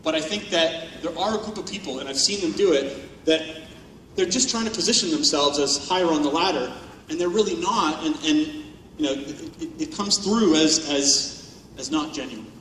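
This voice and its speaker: A man with a fairly high, fairly bright voice speaks at a normal pace, picked up by a distant mic with a little hiss or hum. He's on stage in a large, echoey hall, delivering a comedic, profane keynote at a conference, mocking and sarcastic, and he's off-mic.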